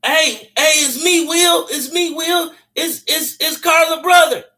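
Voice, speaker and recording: A man's voice: very high-pitched, a little slow, pushed and bright, voice pushed up, heavily acted. A man voicing another man who pleads urgently to be let in at night. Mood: pleading. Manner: urgent, insistent.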